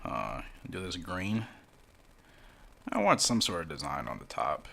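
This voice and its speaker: A man's voice: low-pitched, big pitch swings, unhurried, vocal fry, bright, forceful tone. A man casually commenting as he plays a mobile game for his channel, rambling along with self-deprecating asides. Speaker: gaming YouTuber.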